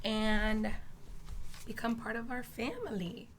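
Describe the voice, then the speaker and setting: A woman, a mother of twins, chatting casually to camera in an unhurried way. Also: fairly high pitch, very noisy. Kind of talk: casual chat.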